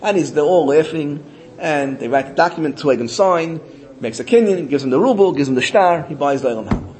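A man teaching a Torah lesson, telling a story with lively voices and mixing in Hebrew and Yiddish terms. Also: on the high side, a little fast.

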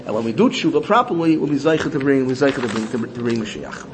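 A man teaching a Torah lesson, telling a story with lively voices and mixing in Hebrew and Yiddish terms. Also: medium pitch, very fast, slight background noise.

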